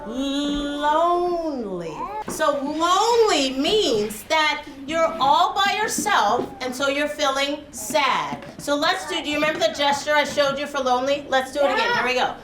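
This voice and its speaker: A middle-aged woman teaching a first grade class, stretching words out and prompting the children in an animated way. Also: high voice, moderate pace, few pauses. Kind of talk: classroom vocabulary lesson. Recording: echoey classroom with background noise.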